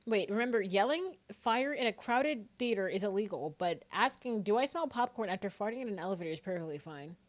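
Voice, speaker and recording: A woman's voice: mid-range voice, animated, brisk, hardly any pauses. A woman streaming a game live, chatting playfully with her viewers, laughing, swearing and bantering.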